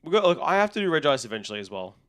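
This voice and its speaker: A man's voice: fairly high pitch, very animated, racing, fairly bright tone, clear, resonant tone. A young Australian man chatting casually on a live stream, rambling and a bit tired, with some yawning. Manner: rambling, chatty, talks to chat while resetting a game.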